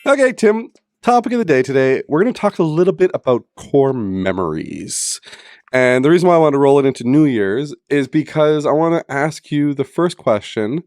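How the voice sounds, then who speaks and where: In a casual podcast chat, a middle-aged co-host from Manitoba, Canada, jokes and teases, laughing often. His mid-range voice is sing-song and a little mellow at a moderate pace, recorded at studio quality with no echo.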